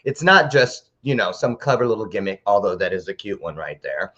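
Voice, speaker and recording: A man hosting a live talk show, chatting to camera in a rambling, animated way. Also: on the low side, fairly quick, lo-fi sound.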